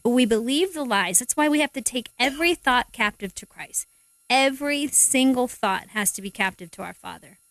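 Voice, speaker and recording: A woman guest on a faith radio show, speaking in an animated way, with big swings in pitch as she acts out what people say. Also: moderate pace, no echo. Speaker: parent. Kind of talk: faith-based radio talk.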